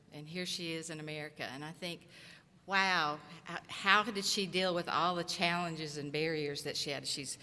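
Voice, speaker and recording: A middle-aged woman from southeast Tennessee giving an earnest, encouraging graduation speech at a podium microphone, in short, measured phrases. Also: fairly low pitch, pushed and bright, a little hiss or hum. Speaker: commencement speaker and college instructor. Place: large auditorium. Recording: echoey hall reverb.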